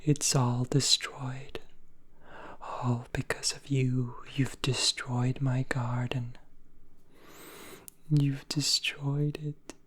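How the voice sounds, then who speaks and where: A man voicing a weepy female garden fairy in a high, breathy, sobbing whisper, as whispered role-play. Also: flat delivery, extremely slow, pauses often. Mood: tearful.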